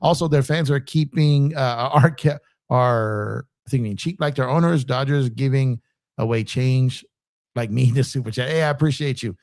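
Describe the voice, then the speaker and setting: A man's voice: mid-range voice, normal speed, darkish tone. A man hosting a sports show, ranting in fired-up fan commentary, repeating himself for emphasis and taunting rival fans. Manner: reads out viewer super chats.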